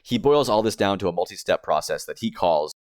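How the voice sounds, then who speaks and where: A young man talks through a scripted video essay in an explanatory, step-by-step way. His voice sits a little low, and the recording is dry and close, with no room sound. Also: lively intonation, brisk, a little mellow, no room sound. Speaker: streamer and YouTuber.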